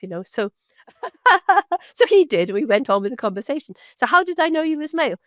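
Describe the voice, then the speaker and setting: A woman's voice: on the high side, very animated, no room sound. An older woman from Britain tells long anecdotes in a guest interview. Her delivery wanders, with plenty of false starts and repeated words. The sound is close and dry, with no room in it. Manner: rambling, halting with many restarts. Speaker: physician guest. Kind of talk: storytelling interview.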